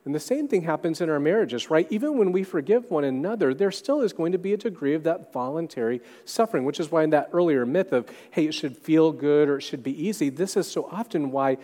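A man in his thirties preaching a sermon as pastor, talking in a conversational way with quick asides. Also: a little high, lively intonation, mellow, big-room sound.

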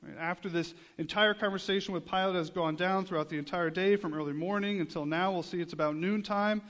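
A man's voice: high voice, fairly even intonation, fairly quick, a bit bright. Earnest male preacher in a reverberant hall. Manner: earnest, conversational preaching with rhetorical "right?". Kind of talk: sermon.

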